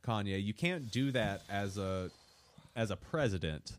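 A man's voice: on the low side, animated, a little slow. A man co-hosting a podcast in casual chat, wry and sometimes exasperated. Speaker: podcast co-host.

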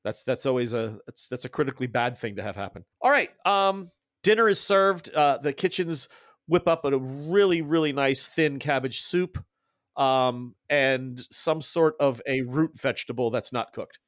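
A man's voice: mid-range voice, lively intonation, moderate pace, no room sound, clean studio sound. A man running a tabletop horror game as game master, rambling with lots of restarts and asides.

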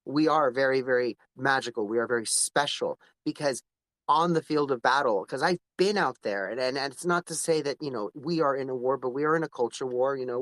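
A man's voice: medium pitch, a bit bright, no echo. A man speaking as an interview guest, emphatic and repetitive, often restarting his sentences. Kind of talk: conversational interview.

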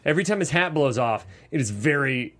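A man in his thirties chatting casually about a film as a podcast co-host. His pitch swings widely as he jumps into silly voices for the characters, then drops back to his own easy tone. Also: brisk. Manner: animated, acts out quotes in silly voices. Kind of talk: casual movie review chat.

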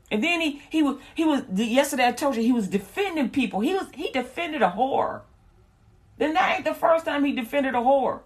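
A woman teaches from the Bible in a loose, casual way. She rambles, slips into slang and often restarts her sentences. Her voice has a husky, breathy edge. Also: high-pitched, animated, normal speed.

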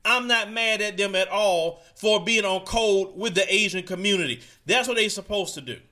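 A man's voice: high voice, moderate pace, sharp tone. A man delivering a heated opinion monologue straight to his audience, preachy and casual, mocking the people he quotes. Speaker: commentator.

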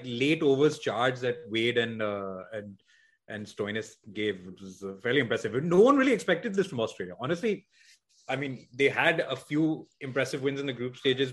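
A man co-hosting a podcast in casual cricket chat, rambling with many restarts and hedges. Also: mid-range voice. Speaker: podcast co-host.

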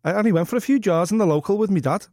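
A man spins a rambling pub story on a podcast, swearing freely and breaking into laughs. His voice sits a little high for a man, and the sound is dry and close. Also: very fast, a little mellow, no echo. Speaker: podcast co-host. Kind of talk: casual storytelling chat.

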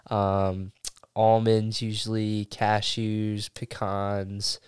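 Young male guest, low smooth voice, rambling, dry close sound. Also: completely flat delivery, drawn-out words, dry recording. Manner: rambling with many fillers. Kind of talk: casual chat.

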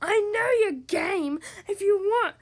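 A woman voicing a greedy, selfish male pug dog in a children's storybook reading, loud and whiny. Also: extremely high pitch, takes it slowly, voice pushed up, full character voice. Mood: furious. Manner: loud, whiny, possessive shouting.

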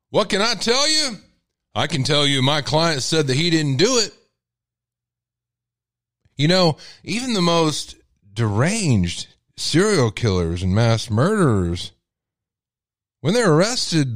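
A man with a Texas accent and a deep voice, hosting a casual livestream and reacting with loud disbelief. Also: no echo, studio quality. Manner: animated, exclaiming in disbelief. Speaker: podcast host.

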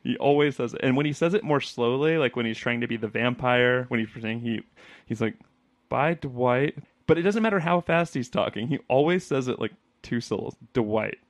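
A man co-hosting a casual chat podcast, chatty and quick to laugh, acting out lines as he talks. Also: medium pitch, no room sound. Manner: chatty, laughs often, acts out quotes. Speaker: podcast co-host.

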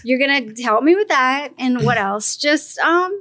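A woman's voice: high-pitched, lively intonation, unhurried, fairly bright tone, dry recording, clean studio sound. A woman in her forties from Louisiana with a Cajun accent, chatting and laughing as a podcast guest, calling herself sassy. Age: 40s. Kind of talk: casual interview chat.

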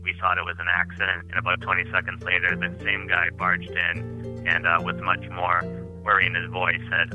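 A man recounting a personal memory in a plain, steady way, as a listener contribution to a radio piece. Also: deep voice, normal speed, rough recording. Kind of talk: recorded personal recollection. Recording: music bed underneath.

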